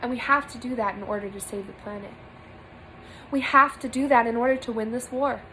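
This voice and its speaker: A young woman speaks earnestly to her camera, giving a spiritual monologue from a small room. Her voice sits a little high, and she leans on repeated phrases for emphasis. A faint hiss of background noise runs under the recording. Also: steady tone, fairly quick, sharp tone, low-quality recording. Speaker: spiritual vlogger.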